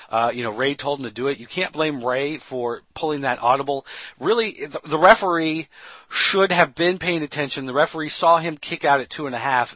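A man with a crisp, bright tone and a voice pitched a bit above average talks through a show recap as a podcast host. His delivery is loose and conversational, with frequent fillers and restarts. The sound is dry and close. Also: dry recording, low-quality recording. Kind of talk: casual wrestling show recap.

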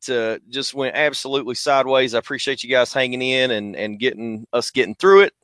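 This podcast host has a Southern US accent and a medium-pitched voice. He runs a casual livestream on a headset, laid-back and slangy, shouting out viewers in chat by name. The recording is dry.

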